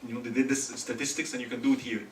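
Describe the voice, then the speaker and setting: This Egyptian speaker talks very fast in a medium-pitched, flat voice, delivering a funny religious talk at a student gathering. He cracks jokes and fires questions at the live crowd. The sound comes through a far-off mic in an echoing hall with light hiss.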